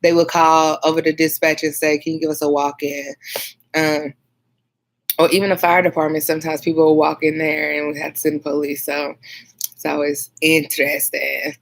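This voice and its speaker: A woman's voice: sits low, level tone, normal speed. A tired woman, a dispatcher chatting casually on a storytime livestream, rambling with lots of fillers. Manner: rambling, many fillers, reads viewer comments aloud. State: tired and sleepy. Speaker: 911 dispatcher and video host.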